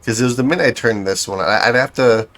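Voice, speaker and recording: A man's voice: medium pitch, quick pace, fairly bright tone. A man giving casual gameplay commentary, thinking aloud as he builds, with a dry, self-correcting, sarcastic manner. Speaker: game streamer.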